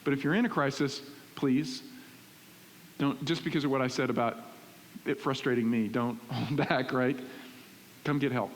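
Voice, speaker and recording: A middle-aged male pastor preaching in a church, animated and conversational, often checking in with "right?". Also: medium pitch, normal speed, long pauses. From Texas. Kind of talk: sermon. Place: church sanctuary. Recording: reverberant church hall with faint hiss.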